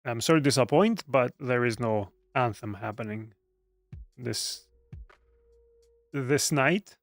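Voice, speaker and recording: Slow-talking male game streamer. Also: medium pitch, no room sound, faint music behind. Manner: chatty, joking, greets viewers by name. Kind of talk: casual game stream chat. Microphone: studio USB microphone.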